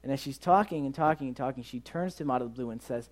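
Man telling a sermon story, animated. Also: mid-range voice, fast talker. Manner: animated, acts out quoted dialogue in the story. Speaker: youth ministry leader.

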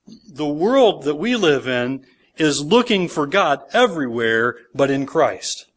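Higher-voiced man preaching a sermon. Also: sing-song, slow pace. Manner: expository preaching, reading scripture aloud with emphasis. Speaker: pastor. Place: church.

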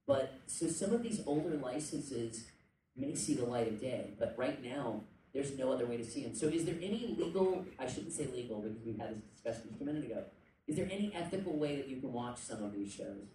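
A man's voice: medium pitch, lively intonation, mellow. Rambling man on a panel, echoey room. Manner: rambling, jokey asides, quick tangents. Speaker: convention panelist. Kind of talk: casual panel talk to an audience. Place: indoor convention panel room. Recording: echoey room, distant mic, faint noise.

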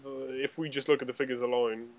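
A man's voice: medium pitch, steady tone, quick pace. A man hosting a casual gaming podcast, teasing his co-hosts and steering the talk along. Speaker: podcast host.

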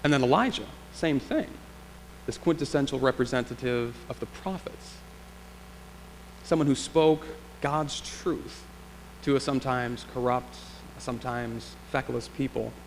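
A man's voice: medium pitch, a little slow, creaky. A male pastor preaching a sermon in a church sanctuary, in a reflective, conversational way with rhetorical questions. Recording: long church reverb, faint hum.

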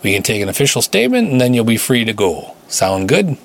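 A man doing a laid-back husky cop. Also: medium pitch, big pitch swings, fairly quick, voice pushed up. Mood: friendly. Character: easygoing adult male police officer.

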